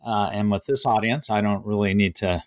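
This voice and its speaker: A man's voice: on the low side, fairly even intonation, brisk, no room sound. A man giving an author's talk, reading from his book and then speaking hesitantly with many fillers.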